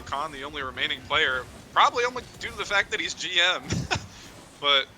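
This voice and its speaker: Bright-voiced joking male caster. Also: a little high, a little hiss or hum. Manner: joking, crude banter. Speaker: esports caster. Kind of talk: casual drinking-stream game commentary.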